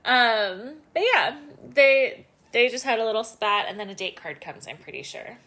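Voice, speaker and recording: A woman's voice: on the high side, lively intonation, moderate pace, sharp tone. A young woman co-hosting a casual recap chat, laughing often and hedging her opinions. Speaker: podcast co-host.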